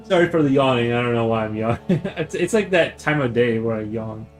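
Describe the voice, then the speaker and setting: A man's voice: mid-range voice, expressive, a little fast, soft background music, low-quality recording. Rambling young man chatting while drawing. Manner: rambling, full of "like" fillers and restarts. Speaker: artist streamer. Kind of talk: casual chat while drawing on stream.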